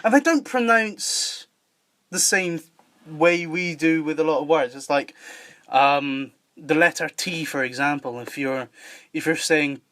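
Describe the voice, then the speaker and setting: A man's voice: on the high side, measured pace, a bit bright. A man with a Scottish accent hosting a casual podcast chat, joking and swearing and laughing often. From Scotland. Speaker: podcast host.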